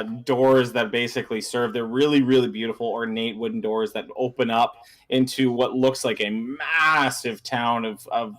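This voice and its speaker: A man's voice: medium pitch, a bit bright. A man narrating as game master in a casual online tabletop session, rambling with fillers.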